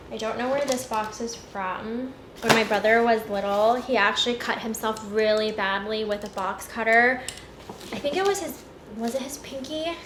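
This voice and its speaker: A young woman in her twenties chatting casually while unboxing beauty products, gushing and giggling as she goes. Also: a little high. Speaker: beauty vlogger. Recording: echoey room with noticeable noise.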